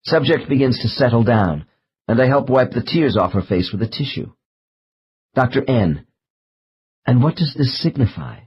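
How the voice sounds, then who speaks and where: A man narrating an audiobook in a measured, slow reading of case transcripts. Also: mid-range voice, expressive, husky, highs cut off. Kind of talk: scripted narration.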